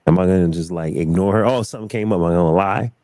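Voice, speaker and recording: Low mellow guy telling a story on a talk show, animated, dry close sound. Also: very fast, no echo. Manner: animated storyteller, acts out quotes. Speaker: podcast host. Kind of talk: casual chat, storytelling.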